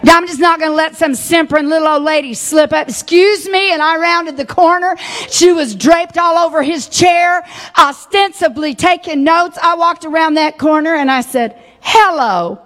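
A middle-aged woman preaching a sermon, switching between folksy asides and fiery shouting. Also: very high voice, moderate pace. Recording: long hall reverb.

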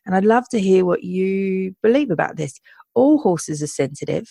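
A woman's voice: medium pitch, animated, moderate pace, gravelly, dark tone, breathy edge, dry recording, studio quality. A woman talking in a thoughtful, earnest way in casual conversation, sometimes acting out how animals react.

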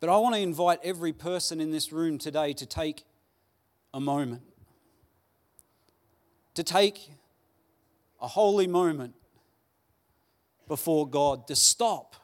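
A man preaching a Sunday sermon, earnest and pleading, with dramatic pauses. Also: a little high. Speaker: pastor. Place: church hall.

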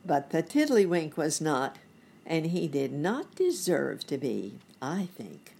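Woman storyteller, low husky voice, very lively melody, chatty asides to children. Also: a little hiss or hum. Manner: gentle, chatty asides to the listener. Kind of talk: reading a bedtime story to children.

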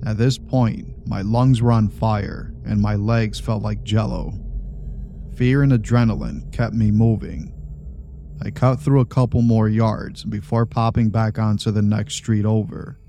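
A man narrates a first-person tale with a low, dark, mellow voice. His reading stays steady and measured from line to line, with a faint hiss underneath. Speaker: horror story narrator.

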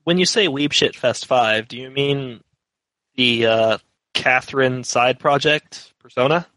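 A man's voice: mid-range voice, unhurried, sharp tone, dry recording. Wry teasing man, dry sound. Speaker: podcast co-host. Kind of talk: casual chat.

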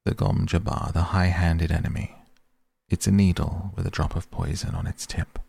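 A man's voice: deep voice, level tone, moderate pace, gravelly, warm tone, husky, dry recording, full character voice. A man reading the part of a stern, commanding old woman in an audiobook, with a cold, clipped, imperious manner. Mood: menacing.

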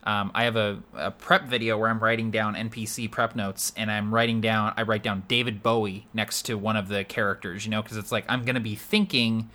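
A man's voice: on the low side, little pitch movement, a little fast, few pauses, pushed and bright. A man co-hosting a casual chat as a game master, upbeat and laughing often. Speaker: podcast co-host and game master.

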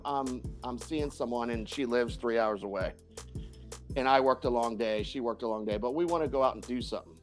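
A man working as a dating coach, answering interview questions in a lively, profane way and often laughing. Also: medium pitch.

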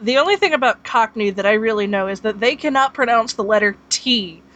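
A woman's voice: on the high side, animated, fairly quick, a bit bright, highs cut off. A woman in a casual panel chat, speaking bluntly with a touch of exasperation.

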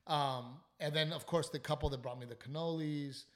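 A little high and at a normal speed, the voice belongs to a comedian and podcast host from South Texas. Feeling sick and running on little sleep, he relates a story casually, animated and profane, often breaking off to begin again.

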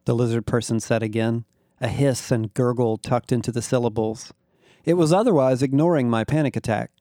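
A man narrating a first-person science fiction story in a wry, measured way. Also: mid-range voice, dark tone, no room sound, clean studio sound.

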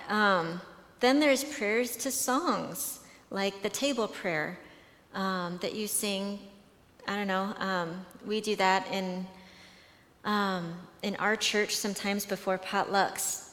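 A woman with a medium-pitched, slightly bright voice speaks at a conference in a chatty, conversational style. She tells stories full of fillers and restarts, and the recording carries a long hall reverb.

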